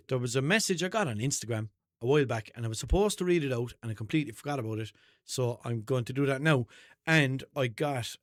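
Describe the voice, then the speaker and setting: A man's voice: mid-range voice, no echo, clean studio sound. A man from Limerick with a Limerick Irish accent, hosting an unscripted podcast in a rambling, sweary, jokey way. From Limerick, Ireland. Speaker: podcast host. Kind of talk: unscripted casual podcast chat.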